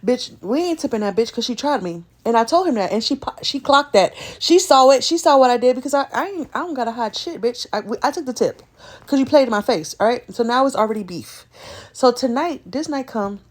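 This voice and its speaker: A woman's voice: on the high side, brisk. A woman telling a story in a casual, profane rant, acting out quoted lines in a raised voice. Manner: animated, profane, talks through quotes in raised voice.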